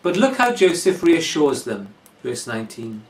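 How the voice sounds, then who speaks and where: A man preaching a sermon in a slow, deliberate expository manner. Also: on the high side, very animated. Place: church. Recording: echoey church from far off.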